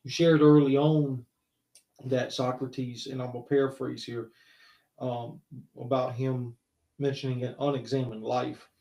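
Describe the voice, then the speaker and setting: Gravelly man on an echoey call. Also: medium pitch, flat delivery, measured pace, mellow. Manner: thoughtful, hesitant, many fillers and restarts. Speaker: host; counselor. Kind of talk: casual podcast chat. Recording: roomy echo.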